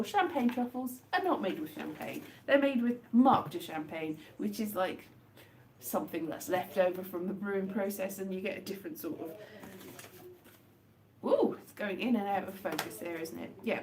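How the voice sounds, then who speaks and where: A woman rambles through a casual live stream, making wry, deadpan jokes between bites. Her pitch swings about a lot. A faint hiss of background noise sits under her voice. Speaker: livestream host. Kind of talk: casual live chat while eating chocolates.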